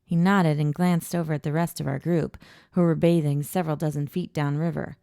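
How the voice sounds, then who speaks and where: A woman narrating a first-person audiobook in an even, intimate storytelling voice, recorded close in a booth. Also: low voice, brisk, creaky, clean tone, no echo.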